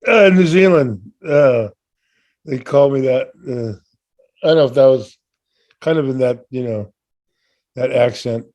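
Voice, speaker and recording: An older man talks at an ordinary middle pitch, easygoing and unscripted. He rambles and stalls, circling back with fillers and restarts as he works through an answer. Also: measured pace, long pauses, a little mellow, muffled recording. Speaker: podcast co-host answering fan questions. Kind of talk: casual chat.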